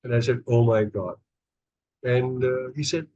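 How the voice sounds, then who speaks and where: A man's voice: mid-range voice, a little slow, pauses often, dark tone, no echo, poor audio. Hesitant man telling stories. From India. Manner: hesitant, many fillers and restarts. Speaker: podcast guest. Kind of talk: conversational storytelling.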